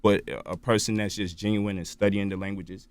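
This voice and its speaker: A man's voice: lowish voice, flat delivery, fairly quick, darkish tone, smooth. A man, a radio show guest, explaining at length in a lecturing way and checking in with "right?" and "you feel me?". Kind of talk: lecturing interview talk. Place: radio studio.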